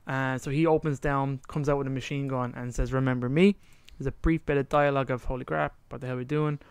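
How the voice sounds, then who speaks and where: A man's voice: medium pitch, little pitch movement, fast talker, creaky, clean tone, dry recording. A man co-hosting a podcast in casual chat, animatedly retelling a story and acting out the lines, sometimes trailing off to recall details. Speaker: podcast co-host.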